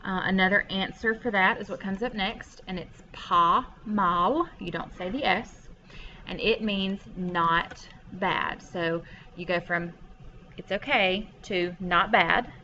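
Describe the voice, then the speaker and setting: Bright, lo-fi female teacher voice. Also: mid-range voice, fairly even intonation, unhurried, a little hiss or hum. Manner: patient, explains step by step with many ums. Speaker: French teacher. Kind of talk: recorded classroom lesson over a screen share. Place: home.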